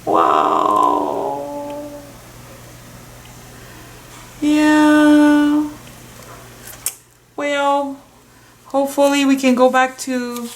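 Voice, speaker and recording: A woman's voice: a little high, slight background noise. A middle-aged woman hosting a stamp shop video, chatting casually and gushing over handmade cards while telling rambling stories. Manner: rambling storyteller. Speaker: stamp shop host sharing card swap entries.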